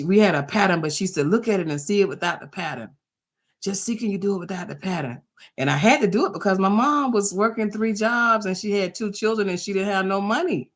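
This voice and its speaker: A woman's voice: low voice, fairly bright tone. A woman coaching small business sellers in a motivational talk. She speaks emphatically, repeats her points and checks in with "okay?", and she tells stories in which she acts out the voices of the people in them. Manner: emphatic and repetitive, drives points home with "okay?"; storytelling, acts out quoted voices.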